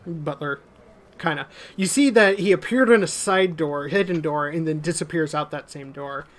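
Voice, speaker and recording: A man narrating a tabletop game as game master in a relaxed way, often pausing on "uh". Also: on the high side. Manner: relaxed, many "uh" fillers.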